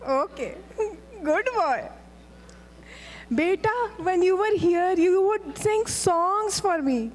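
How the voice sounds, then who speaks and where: Nagging Indian mother, played by a male student, high and slow-paced. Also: animated, full character voice. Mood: fussing. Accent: Indian English. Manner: scolding, nagging, exclaiming. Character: fussy worried Indian mother on the phone. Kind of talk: student stage skit.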